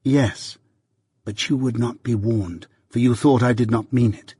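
A man voicing a cold, composed young woman who speaks calmly and with detached indifference, in an audiobook reading. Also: mid-range voice, measured pace, breathy edge, no room sound, clean studio sound.

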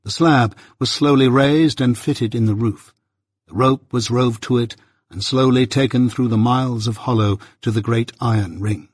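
A male audiobook narrator reads a classic novel in a measured, earnest way. His voice sits at a middle pitch and has a husky, slightly breathy texture. The recording is close and dry, with no audible room around it. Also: no echo.

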